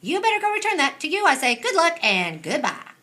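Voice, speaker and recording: A woman voicing a fast-talking, boastful male squirrel in a storybook reading. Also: high voice, wildly swooping pitch, pushed and bright, pitched above the performer's own voice, full character voice. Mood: excited. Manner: rapid, chirpy, boastful. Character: fast-talking excitable male squirrel, proud nut counter. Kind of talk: storybook read-aloud.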